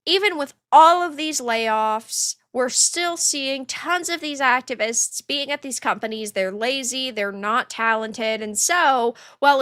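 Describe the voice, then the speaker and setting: Bright, giggly female podcast co-host. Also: fairly high pitch, no room sound, clean studio sound. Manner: giggly, chatty. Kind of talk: casual chat, reading donations.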